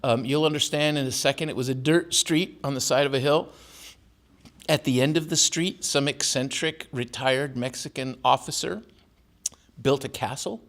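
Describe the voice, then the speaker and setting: A man's voice: medium pitch, normal speed, a bit bright. Older guy telling funny family stories to a campus crowd, wry, laughs along, medium voice. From born in Tijuana, raised in San Diego. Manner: anecdotal, wry, laughs at his own stories. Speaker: author giving a talk. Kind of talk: storytelling lecture. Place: campus auditorium.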